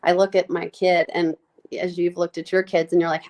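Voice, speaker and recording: A woman nurse practitioner speaking candidly in an interview, reflective and halting, with many fillers and restarts, close to tears as she talks. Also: lowish voice, little pitch movement, darkish tone.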